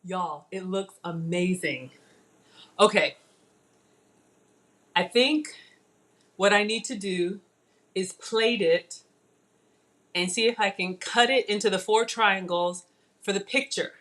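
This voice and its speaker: A middle-aged woman hosting a casual live-stream cooking demo from her home kitchen, chatty and excitable, talking straight to her viewers. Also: mid-range voice, slow pace, pauses often. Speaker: cooking show host.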